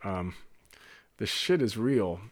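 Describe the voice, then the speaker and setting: A man, a bartender, casually telling a rambling personal anecdote with lively, digressive delivery and laughs slipping in. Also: fairly low pitch, slow.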